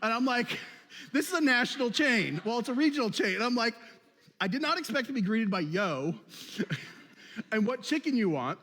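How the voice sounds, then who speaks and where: A man's voice: very high-pitched, animated, normal speed, fairly bright tone, long reverb tail. A man preaching a casual sermon, joking and laughing often, with many restarts. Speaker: pastor. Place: church hall.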